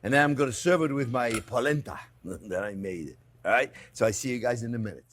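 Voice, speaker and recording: A man's voice: mid-range voice, expressive, brisk, fairly bright tone, no echo. A man, a chef giving a casual cooking demonstration in his kitchen. He keeps calling his viewers "friends" and laughs easily. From France. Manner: chatty, repeats "friends" often, laughs easily.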